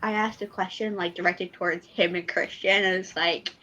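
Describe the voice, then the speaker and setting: A woman co-hosting a podcast in casual chat, telling fan stories in an excitable, giggly way. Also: fairly low pitch, moderate pace, lo-fi sound. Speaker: podcast co-host.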